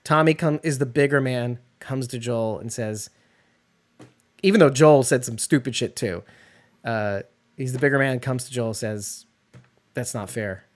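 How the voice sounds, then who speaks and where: A man's voice: mid-range voice, normal speed. A man co-hosting a casual show reaction chat, rambling with many restarts and acting out lines he quotes. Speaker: podcast co-host.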